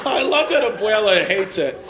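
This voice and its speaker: A man's voice: high voice, sing-song, normal speed. A man doing stand-up, teasing audience members with profane, brash crowd work at a live show. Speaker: stand-up comedian. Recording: live room mic with loud crowd. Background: audience laughter and crowd noise.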